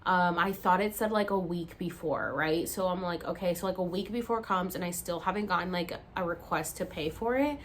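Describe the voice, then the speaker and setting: A woman's voice: fairly low pitch, a little fast, hardly any pauses, slight background noise. A woman in her thirties, tired and rambling, telling a personal story to camera in a casual vlog with plenty of fillers. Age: 30s. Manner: chatty, rambling, heavy use of "like" and "um". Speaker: vlogger.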